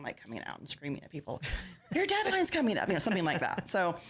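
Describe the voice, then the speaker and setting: Low-voiced woman telling a lively story. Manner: lively storyteller who acts out quoted lines. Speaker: paranormal investigator guest. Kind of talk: casual interview storytelling.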